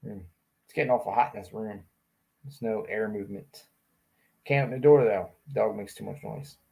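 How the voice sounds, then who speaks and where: A man's voice: fairly low pitch, moderate pace, creaky, warm tone. A man hosting a livestream in a small room, casually reading out viewer comments and joking around. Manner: joking, chatty, often laughing. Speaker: livestream host. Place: small hot room indoors.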